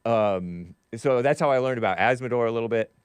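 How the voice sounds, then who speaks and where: On his live talk stream, the host reads viewer comments in a wry tone, laughing frequently and breaking off to restart. His medium-pitched voice is clear and resonant, fairly quick, with no room sound.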